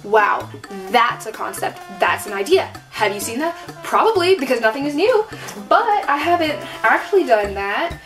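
A young beauty vlogger sits at home before a mirror, talking to a camera propped on a table as she does a makeup tutorial. Her high voice swings widely in pitch at a normal speed over music, and she's casual, self-mocking, and sarcastic, saying "like" constantly.

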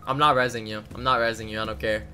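A man's voice: medium pitch, fast, faint music behind. A young man streaming a video game, chatting casually with friends and viewers and trash-talking with lots of slang. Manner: excitable trash talk with slang. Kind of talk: casual gaming chat.

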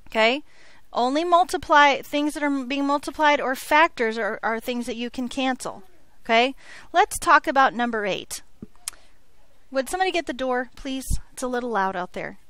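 High-voiced playful algebra teacher. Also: female voice, a bit bright, dry recording. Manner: playful, jokey, checks in with frequent "okay?". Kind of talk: classroom lecture. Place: classroom.

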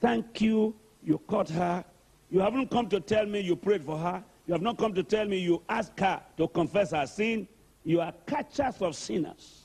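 A man voicing a calm, gentle male teacher who speaks softly and with quiet irony. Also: high voice, normal speed, gravelly, breathy edge, full character voice.

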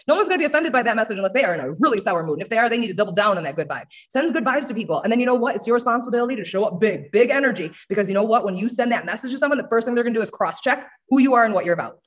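A team leader gives an upbeat motivational talk over a video call, coaching her listeners. She speaks extremely fast, firing line after line at a medium pitch. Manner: rapid-fire, upbeat, coaching. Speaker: network marketing team leader. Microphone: video call audio.

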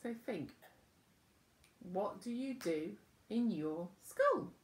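A woman teaching children school signs, gentle and patient, naming each word with pauses. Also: mid-range voice, lively intonation, echoey room, slight background noise. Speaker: children's sign language presenter. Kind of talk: slow teaching talk to children.

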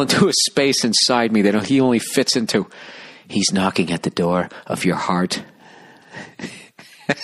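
A man hosting a solo comedy podcast, ranting sarcastically and swearing as he riffs. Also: medium pitch. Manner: sarcastic, profane, riffing. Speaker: podcast host.

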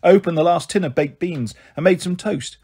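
Husky man reading a storybook aloud. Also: high voice, a little fast. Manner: steady first-person narration. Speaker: reader.

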